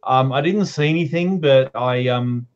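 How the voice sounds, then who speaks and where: A man's voice: mid-range voice, measured pace. A man joking and laughing his way through a casual chat as a stream co-host. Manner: joking, goofy, laughs a lot. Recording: dull lo-fi stream audio.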